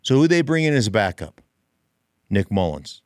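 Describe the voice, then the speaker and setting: Male podcast host, middle-aged, animated storyteller, swinging pitch, dry studio. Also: normal speed, no room sound. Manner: animated storyteller, emphatic repetition. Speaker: podcast host, former player and analyst. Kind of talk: casual sports podcast chat.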